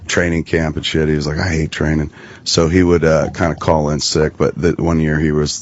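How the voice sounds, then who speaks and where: A middle-aged man, a guest on a radio talk show, telling stories in a lively, profane way with quick laughs. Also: extremely low pitch. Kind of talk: casual radio chat. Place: radio studio. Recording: dry, slightly muffled studio audio.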